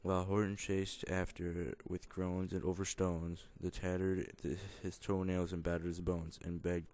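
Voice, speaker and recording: A man's voice: low voice, flat delivery, measured pace, hardly any pauses, darkish tone. A young man reading a children's picture book aloud, in a plain, mostly unvoiced way with small stumbles and self-corrections. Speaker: student reader.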